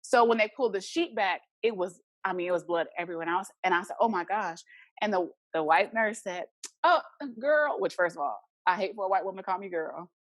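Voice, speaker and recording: Speaking quickly in a voice on the low side, this woman is an interview guest sharing a personal story casually. She's animated and imitates the voices of those in her tale, with no echo on the recording.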